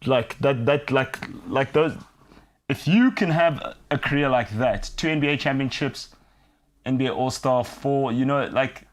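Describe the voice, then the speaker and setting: A man co-hosting a sports talk show in relaxed, chatty banter. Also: mid-range voice, moderate pace. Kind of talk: casual sports chat.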